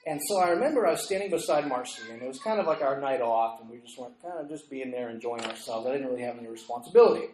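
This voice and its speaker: A man's voice: mid-range voice, animated, very fast, few pauses, roomy sound, a crowd in the background, low-quality recording. A middle-aged man preaching, telling a story from his congregation and acting out the people in it. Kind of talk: storytelling sermon. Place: church meeting room.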